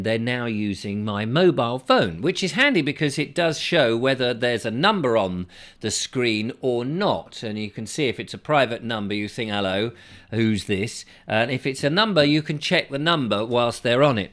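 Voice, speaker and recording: A man with a medium-pitched, slightly bright voice hosts his own vlog, telling a story to camera. It's a casual, rambling, chatty monologue full of wry asides.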